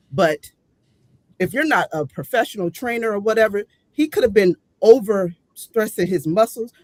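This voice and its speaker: A woman's voice: medium pitch, a little mellow, no room sound. A woman speaks bluntly in a casual panel debate, saying exactly what she thinks. Her voice sits mid-range and is recorded with a dry, close sound. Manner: blunt, outspoken. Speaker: co-host.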